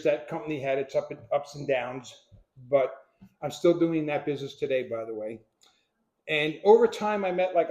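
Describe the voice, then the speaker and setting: A man in his sixties from Pennsylvania telling his life story to a live audience, acting out what people said as a lively storyteller. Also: fairly high pitch. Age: 60s. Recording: echoey room.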